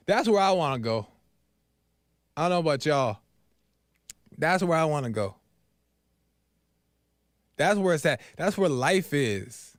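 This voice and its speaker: A man's voice: a little high, animated, unhurried, long pauses, no room sound, studio quality. A man hosting a live call-in faith talk show, preachy and encouraging, repeating his key phrases. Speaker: host.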